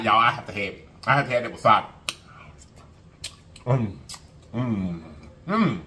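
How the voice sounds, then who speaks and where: A man eats on camera and talks casually to his viewers, humming as he goes and addressing them in a chatty, folksy way. His voice is lowish and sharp, a little slow with frequent pauses, against slight background noise.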